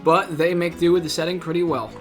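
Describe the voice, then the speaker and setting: A man's voice: fairly high pitch, fairly even intonation, quick pace, soft background music. A man co-hosting a video game review show, chatty and opinionated, laughing now and then. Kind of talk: casual review chat.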